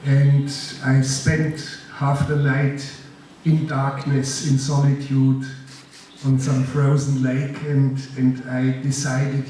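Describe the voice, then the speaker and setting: A man with a German accent giving a master class, telling his story in a slow, deliberate, grave way and answering audience questions. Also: mid-range voice, level tone, dark tone. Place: large lecture hall. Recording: echoey hall, distant mic, faint noise.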